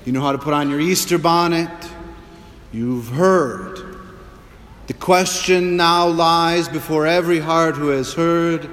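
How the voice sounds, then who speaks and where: A priest giving an Easter homily in a measured preaching voice with humorous asides. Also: male voice, on the high side, a bit bright, big-room sound. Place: church.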